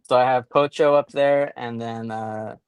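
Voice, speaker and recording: Male podcast guest, medium pitch, dry sound, relaxed chat with "uh"s. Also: unhurried, smooth, no room sound. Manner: easygoing, hesitant with fillers. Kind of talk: casual chat.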